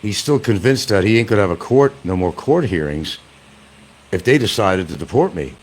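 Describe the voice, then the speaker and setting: A man's voice: lowish voice, lively intonation, moderate pace, a little mellow. A man hosting a stream, giving casual, sarcastic commentary and taunting the person he talks about from an indoor room. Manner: sarcastic and taunting, addressing his target as "son". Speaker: stream host.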